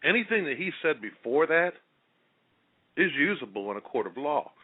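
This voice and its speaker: A man's voice: on the high side, very animated, normal speed. A man hosting a casual political talk show, speaking bluntly and rambling with repeated words. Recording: phone-like lo-fi sound.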